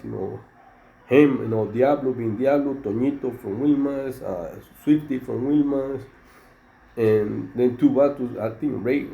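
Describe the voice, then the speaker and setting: A middle-aged former prison inmate from Mexico tells a rambling story packed with slang and fillers. His medium-pitched voice is creaky and mellow, and the recording has a roomy echo with faint background noise.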